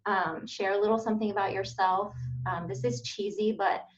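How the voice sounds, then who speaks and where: A woman's voice: medium pitch, steady tone, normal speed. A woman on a video call giving friendly, practical advice in a casual chat. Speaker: acupuncturist and marketing teacher. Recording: dull lo-fi video call audio.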